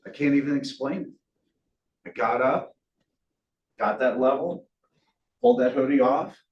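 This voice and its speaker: A man's voice: mid-range voice, unhurried, dull audio. Man, motivational speaker type, earnest storytelling with folksy humor, heard from a distance in an echoey room. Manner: earnest, animated, folksy with self-deprecating humor. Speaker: guest speaker. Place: meeting room. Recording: echoey room, distant mic, faint hiss.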